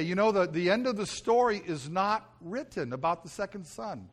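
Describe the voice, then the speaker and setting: A male pastor preaching earnestly and telling a personal story, often dropping to a soft, hushed voice and repeating himself when moved. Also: high voice, lively intonation, moderate pace. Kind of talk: sermon.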